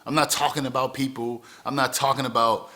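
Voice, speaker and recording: A man's voice: mid-range voice, little pitch movement, brisk, bright, forceful tone. A man in his thirties giving an earnest motivational talk to camera, repeating phrases for emphasis. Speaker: vlogger.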